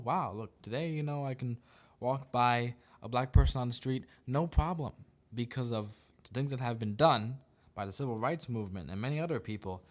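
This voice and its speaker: A male podcast host talks through his opinions in a loose, casual way. His voice sits at an ordinary pitch but leaps up and down a great deal as he turns sarcastic. He laughs often between points.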